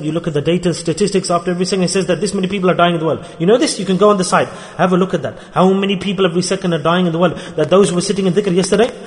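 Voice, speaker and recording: A man preaching an impassioned, repetitive sermon, his voice swinging between soft and loud. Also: sits high. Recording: long reverb of a hall.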